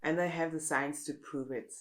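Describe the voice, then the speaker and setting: A woman delivering a deadpan, mock-serious satirical monologue as a comedic vlogger. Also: low-pitched, normal speed, poor audio.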